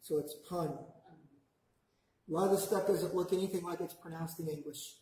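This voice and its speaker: A man teaching a language class, patiently modelling words slowly for the class to repeat back. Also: fairly high pitch, fairly even intonation, a little mellow. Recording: very echoey classroom.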